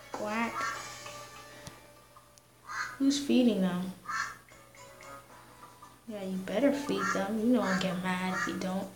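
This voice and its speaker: A woman's voice: mid-range voice, reverberant, poor audio. A woman giving casual commentary on a life-simulation game, rambling and slangy as she talks to herself and her viewers. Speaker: gamer.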